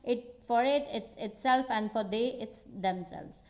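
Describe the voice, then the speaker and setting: A woman teaching a recorded school grammar lesson, slow and patient, with frequent fillers and restarts. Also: a little high, a little mellow. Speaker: English teacher. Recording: dull echoey room recording.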